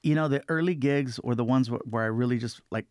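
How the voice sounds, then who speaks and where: A male stand-up comedian as an interview guest, talking in a relaxed, self-deprecating way with lots of fillers. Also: mid-range voice, quick pace, no echo, studio quality. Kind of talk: casual interview chat.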